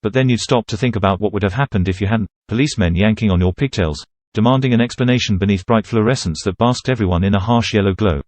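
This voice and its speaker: A man reading a second-person horror story in a measured, steady narrating voice. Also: on the low side, no echo.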